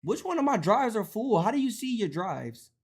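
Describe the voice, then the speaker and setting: A young man streaming, talking casually in an animated, profane way, often repeating himself. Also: high-pitched, moderate pace, breathy edge.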